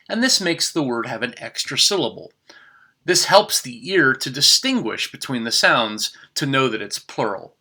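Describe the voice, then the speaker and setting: Bright, careful man teaching pronunciation. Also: medium pitch. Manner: slow, careful over-articulated demonstration of words. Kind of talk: spoken language tutorial.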